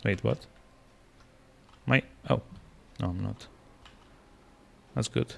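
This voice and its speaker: A man's voice: fairly low pitch, slow pace, gravelly, long pauses, fairly bright tone. A man streaming a video game, rambling with lots of fillers and restarts as he plays. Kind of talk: casual gameplay commentary.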